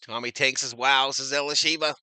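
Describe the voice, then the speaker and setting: Excitable guy calling a ball game for his stream, super bright voice, dry sound. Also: mid-range voice, brisk, clear, resonant tone, dry recording. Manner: excitable, slangy, laughs often, reads chat comments aloud. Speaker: live-stream baseball commentator. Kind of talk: casual fan play-by-play commentary.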